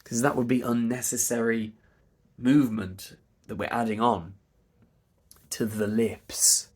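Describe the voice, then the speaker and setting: A man with a Received Pronunciation accent coaching pronunciation, repeating words and sounds slowly, now and then whispering them. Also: mid-range voice, flat delivery, a little mellow, husky. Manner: drawn-out demonstration sounds, repeating words and phonemes, with whispered bits. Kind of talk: slow, deliberate pronunciation lesson.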